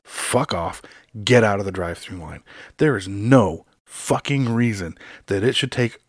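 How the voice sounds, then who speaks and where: A man's voice: lowish voice, unhurried, breathy edge, no room sound, clean studio sound. A man hosting his own podcast, ranting about everyday annoyances with constant swearing and exasperated outbursts. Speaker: podcast host. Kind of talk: profane solo rant.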